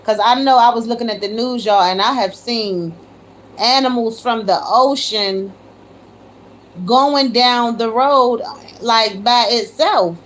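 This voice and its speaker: A woman's voice: fairly high pitch, takes it slowly, fairly bright tone. A woman hosting a casual livestream from her phone, chatting with viewers and calling them y'all, given to disbelieving exclamations. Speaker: livestream host. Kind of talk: casual live chat with viewers.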